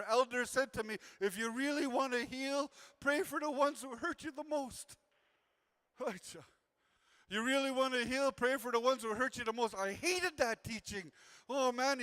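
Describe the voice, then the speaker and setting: A man delivers a personal storytelling talk in a high, smooth and resonant voice. He speaks earnestly and repeats his key phrases for weight. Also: sharp tone. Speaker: invited speaker sharing his healing journey.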